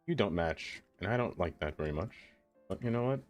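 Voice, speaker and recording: A man's voice: deep voice, animated, brisk. A young man chatting casually on a live stream as he plays a city-building game. He talks to the things he builds and laughs often. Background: faint music.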